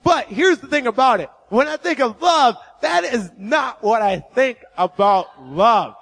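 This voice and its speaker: A young man with a high-pitched voice gives a sermon as a guest speaker. He tells stories in a lively, self-deprecating way, with big vocal swings in his retellings. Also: measured pace, creaky. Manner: animated, self-mocking storyteller. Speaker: guest preacher. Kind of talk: storytelling sermon.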